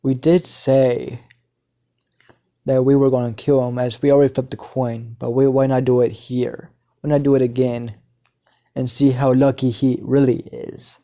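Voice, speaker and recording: A man's voice: mid-range voice, flat delivery, normal speed, mellow, close to an everyday voice. A man voicing a vengeful, hot-tempered young male hero in a fan-made story, speaking in his own everyday voice. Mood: scheming. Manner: smirking, impatient.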